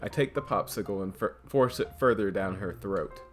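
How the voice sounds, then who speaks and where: Low-voiced man narrating a game. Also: normal speed, faint music behind. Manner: casual, with small slips and restarts. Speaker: host. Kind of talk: narrating a visual novel playthrough.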